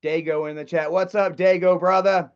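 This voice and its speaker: High-voiced, rambling man on a stream. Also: fairly even intonation, moderate pace, highs cut off. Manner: rambling, with many fillers and restarts; agitated and confrontational. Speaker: livestreamer. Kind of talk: casual livestream chat.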